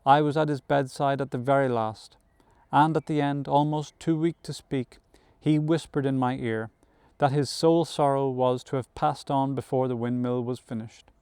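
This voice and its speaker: A man voicing a sly, persuasive male pig in an audiobook reading, speaking in a smooth, ingratiating way. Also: mid-range voice, fairly even intonation, moderate pace, few pauses, darkish tone, no room sound, lightly acted. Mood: sanctimonious. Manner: smooth, ingratiating speech-making.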